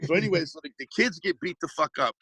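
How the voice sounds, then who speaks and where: A man's voice: a little high, quick pace, pushed and bright, breathy edge, no echo, poor audio. A man telling a long street story in casual chat, swearing freely and restarting his sentences often. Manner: profane, rambling, restarts a lot. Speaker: hip-hop artist guest.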